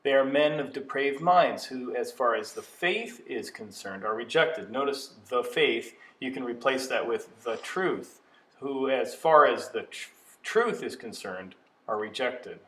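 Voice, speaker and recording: A man's voice: mid-range voice, animated, bright, forceful tone, slight background noise. Man lecturing in an echoey room. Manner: measured, explanatory, slows to stress key terms. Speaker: teacher of biblical studies. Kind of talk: educational video lecture. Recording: echoey room, mic at a distance.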